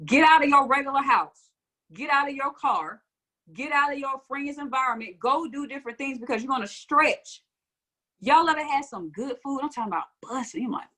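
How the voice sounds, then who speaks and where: A young adult woman giving an energetic, preachy motivational talk on a livestream, repeating her points and often laughing. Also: fairly high pitch. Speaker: online coach.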